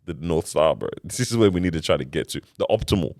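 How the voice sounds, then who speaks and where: A man co-hosting a podcast, talking in a casual, slangy, animated way. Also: low voice, quick pace. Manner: animated, slangy, laughs often. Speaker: podcast co-host. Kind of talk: casual chat.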